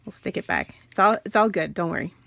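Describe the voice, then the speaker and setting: A woman's voice: lowish voice, wildly swooping pitch, fast talker, vocal fry, fairly bright tone, slight background noise. A woman in her forties hosting a casual card-making tutorial, chatting and telling rambling family stories with laughing asides as she works. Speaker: card-making channel host.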